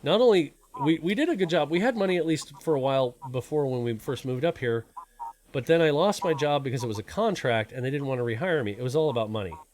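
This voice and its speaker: A man's voice: medium pitch, animated, fast talker, a little mellow, a little hiss or hum. A man in his forties, born in Canada and raised in the US, hosting a live stream in a rambling, self-deprecating, casual way. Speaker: stream host.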